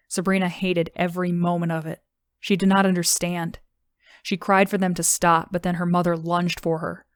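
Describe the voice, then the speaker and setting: A woman reading an audiobook in a steady, even narration. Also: lowish voice, clean tone, dry recording. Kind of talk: scripted narration.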